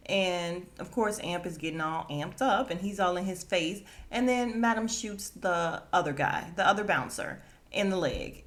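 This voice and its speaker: Recapping a TV episode on her casual podcast, a medium-pitched woman animatedly acts out what the characters said. Laughter comes often as she tells it.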